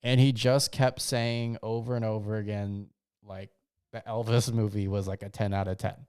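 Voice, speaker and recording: A man's voice: lowish voice, little pitch movement, moderate pace, darkish tone, clean tone. A young man hosting his own show, rambling through a casual comedic rant full of slang, restarts and trailing thoughts. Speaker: podcast host.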